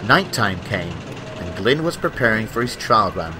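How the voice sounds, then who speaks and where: A man narrating a children's train story in a measured, expressive storybook style. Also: on the low side, noisy background.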